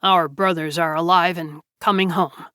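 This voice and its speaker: A woman reading the lines of a calm grown man in an audiobook, her voice slightly lowered and softened. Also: normal speed, clean tone, no room sound, clean studio sound. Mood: earnest. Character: grown man, calm, warm, bearer of news.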